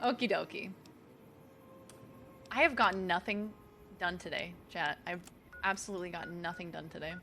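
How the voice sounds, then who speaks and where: A young streamer from the Boston area talks casually to her viewers while gaming, chatty and poking fun at herself in a Boston accent. Her voice sits on the low side with a sharp tone, moving at a moderate pace with frequent pauses, and faint music plays behind her.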